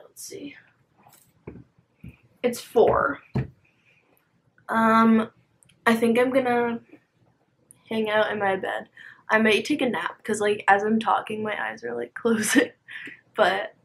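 A young woman with a medium-pitched, slightly bright voice and some vocal fry chats casually to the camera for a home vlog. She's in her bedroom at home, and her talk is sprinkled with lots of "like" and "um."

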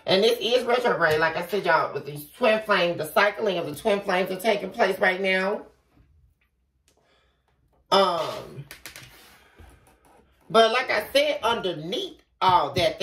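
A woman giving a casual tarot reading, talking straight to the viewer in an animated way and swearing freely. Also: medium pitch. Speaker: tarot reader. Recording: echoey room from far off, faint noise.

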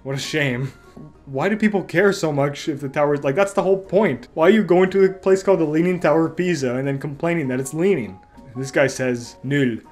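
A man's voice: on the high side, fairly quick, darkish tone, soft background music. A young man reading out and mocking online reviews in a sarcastic comedic style. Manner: sarcastic, mock voices for reviews.

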